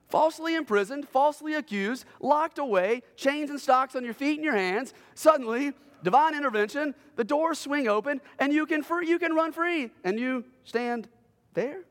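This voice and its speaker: A man preaching a sermon as a pastor, telling a story dramatically and swinging between loud bursts and hushed lines. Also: extremely high pitch, moderate pace, in a large hall. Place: church sanctuary.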